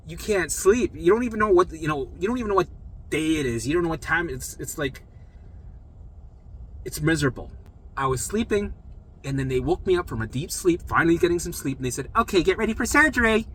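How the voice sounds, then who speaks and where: A man's voice: on the high side, a bit bright. A young man casually telling a personal story in a blunt way, swearing freely and acting out other people's lines. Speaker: storyteller sharing his recovery.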